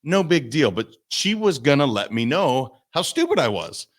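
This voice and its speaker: Animated man telling stories on a podcast. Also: fairly high pitch, moderate pace. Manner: animated storytelling, acts out voices in quotes. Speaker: guest, mindset and business coach. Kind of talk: podcast interview.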